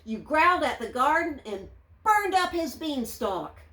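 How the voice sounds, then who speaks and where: A woman voicing a young princess who scolds a misbehaving dragon in high, reproachful questions, reading a storybook aloud. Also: sing-song, measured pace, bright, forceful tone, echoey room, full character voice.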